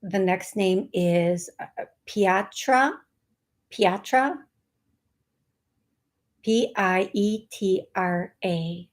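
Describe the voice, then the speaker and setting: A woman psychic medium hosts a live call-in show, speaking slowly at a middle pitch. She rambles in a playful way, laughs easily and spells names letter by letter.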